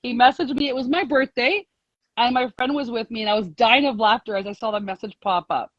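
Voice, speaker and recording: A woman's voice: on the high side, fairly quick, no echo. A woman telling her story on a live call in a chatty, rambling way, filled with "like"s and easy laughter. Her sound is dull and lo-fi, with a close, dry feel and no room around it. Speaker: guest sharing a success story.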